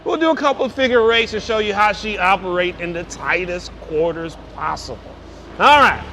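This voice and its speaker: A man shows off a forklift outdoors, hyped and exuberant, piling up repeated praise. His voice sits high and leaps all over the place. A faint wash of outdoor vehicle noise runs underneath. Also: expressive, moderate pace, bright, forceful tone. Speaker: forklift salesman demonstrating a lift. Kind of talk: enthusiastic product demo.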